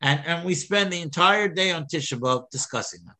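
A man giving an animated Torah lecture, full of restarts and repeated words. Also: a little high, brisk. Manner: animated, many restarts, mixes Hebrew and English. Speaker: rabbi teaching Torah.

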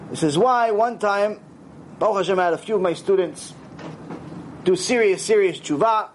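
Male rabbi, high voice, lively lecture, acts out dialogue, faint hiss. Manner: animated storytelling, acts out dialogue, sprinkles Hebrew words. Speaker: rabbi teaching a Torah class.

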